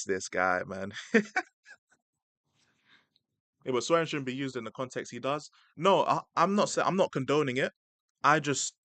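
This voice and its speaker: A man giving casual, slangy live-stream commentary, laughing often and breaking into excited asides. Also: mid-range voice, no room sound. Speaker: streamer reacting to a debate.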